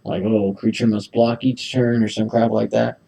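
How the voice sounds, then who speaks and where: A man's voice: fairly low pitch, flat delivery, moderate pace, gravelly, warm tone, husky, recorded from a distance. A man rambling casually as he goes through trading cards on his own channel, with many ums and restarts. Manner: rambling, full of ums and self-corrections. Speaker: card-opening video host. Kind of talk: casual card-opening commentary.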